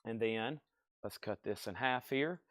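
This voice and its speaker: A man running a live record sale stream, rattling off titles, buyers and prices in a brisk, upbeat patter, with a noticeable accent of his own. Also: medium pitch, fairly bright tone, no room sound. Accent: regional accent he mentions himself. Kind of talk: live sales stream, reading out items and buyers.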